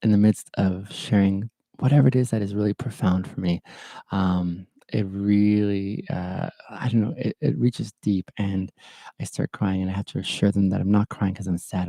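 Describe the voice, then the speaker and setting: Man, podcast host, deep gravelly voice, mellow tone, earnest rambling storytelling, dry close sound. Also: no echo. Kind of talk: casual chat.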